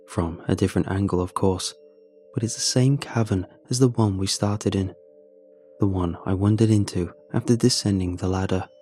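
Low, mellow-voiced man narrating horror. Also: steady tone, faint music behind. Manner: measured, suspenseful storytelling. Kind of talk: first-person horror story narration.

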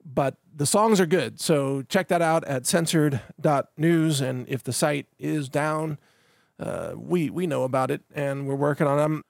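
A man's voice: a little high, a little slow, gravelly, a little mellow, no echo, studio quality. A middle-aged man hosting a podcast, talking through the news in a casual, sardonic monologue with frequent restarts. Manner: sardonic, laughs at the news, repeats words when restarting. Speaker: podcast host.

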